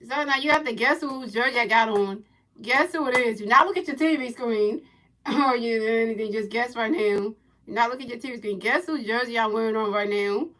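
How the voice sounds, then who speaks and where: A woman livestreaming a baseball video game, giving playful play-by-play commentary, teasing her chat with repeated questions and sing-song pitch calls. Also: fairly quick, sharp tone, rough recording. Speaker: gaming livestreamer.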